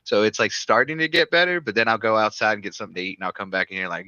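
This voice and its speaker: A man's voice: on the low side, very fast, few pauses, pushed and bright, dry recording, highs cut off. A man with a Southern US accent and a stutter, chatting casually and swearing freely on a live stream. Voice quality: stutters on some words.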